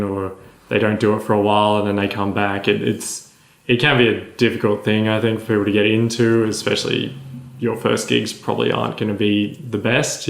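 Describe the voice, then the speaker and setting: A man speaking in a measured, matter-of-fact way in a documentary interview. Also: on the low side, creaky, roomy sound.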